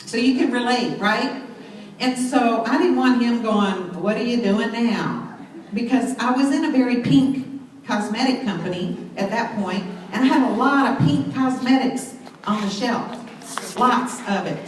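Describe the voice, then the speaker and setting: A middle-aged woman speaks on stage at a sales event, telling stories with lively enthusiasm and calling out to the crowd. Her voice sits a little high. It rings in a very echoey hall, picked up from a bit away, with faint noise underneath. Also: unhurried, recorded from a distance. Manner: enthusiastic, storytelling, addresses crowd. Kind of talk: motivational talk on stage.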